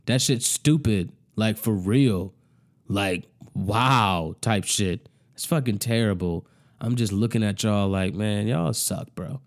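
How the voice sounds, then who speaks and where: A man's voice: fairly low pitch, a little slow, a little mellow. A man ranting angrily to camera, swearing heavily and repeating himself in exasperation. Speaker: vlogger. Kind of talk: profane rant to camera.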